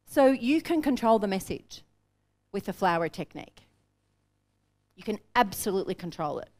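An Australian woman teaching a room of business owners, brisk and plain-spoken. She drives her points home with quick anecdotes and direct advice. Her voice sits at an ordinary middle pitch. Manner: energetic, direct, storytelling. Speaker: business coach. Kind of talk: workshop teaching. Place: seminar room with an audience.

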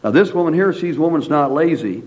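A man preaches in a folksy, animated way, leaning on asides and repetition. His voice sits fairly high for a man. The recording is dull and lo-fi. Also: fast. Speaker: pastor. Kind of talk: sermon.

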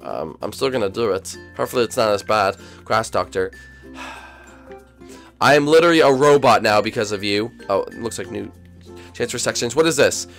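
A young man hosting a Minecraft role-play, excitable and swinging from loud shouts to mumbled asides. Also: fairly low pitch, moderate pace, soft background music. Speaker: YouTube host and role-player.

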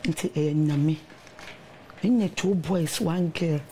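A woman's voice: low voice, slow pace, a little hiss or hum. A middle-aged woman with a Ghanaian accent, sharing her testimony as a guest in a casual conversation. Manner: animated storytelling with laughter.

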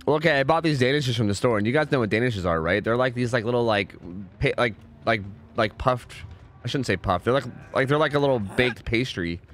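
A man's voice: medium pitch, fairly quick, fairly bright tone. A man streaming a video game, chatting casually and rambling with lots of fillers and swearing. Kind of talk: casual gaming stream chat.

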